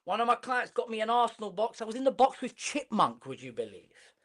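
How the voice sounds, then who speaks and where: A man ranting on a live football reaction stream, animated and mocking, swearing freely. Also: high-pitched, fairly quick.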